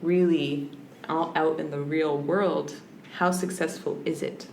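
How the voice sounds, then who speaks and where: A woman's voice: low-pitched, steady tone, takes it slowly, creaky, a little mellow. A woman guest on a podcast, a language scholar, talking in a reflective, searching way with frequent restarts. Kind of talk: reflective conversational interview. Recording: roomy with faint background hiss.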